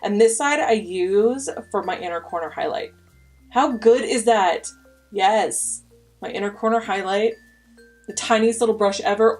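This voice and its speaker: A woman's voice: medium pitch, darkish tone. A young woman vlogger reviewing makeup brushes in a chatty, enthusiastic way, sometimes dropping to a whisper. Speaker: beauty vlogger.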